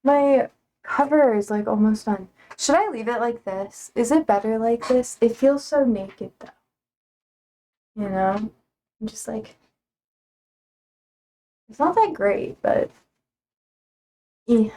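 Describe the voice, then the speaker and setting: A woman's voice: on the high side, slow pace, pauses often, warm tone, slight background noise. A young woman hosting a livestream from home, chatting casually and playfully with her viewers in a sassy, teasing way. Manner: playful and self-described sassy, frequent laughs. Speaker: livestream host. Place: home, indoors.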